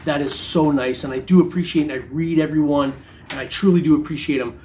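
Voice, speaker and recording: A man's voice: a little high, fairly even intonation, fast talker, darkish tone, slight background noise. A middle-aged man vlogging about his metal detecting hobby in casual, joking chat, rambling with lots of fillers. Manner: laid-back, joking, rambling with many fillers.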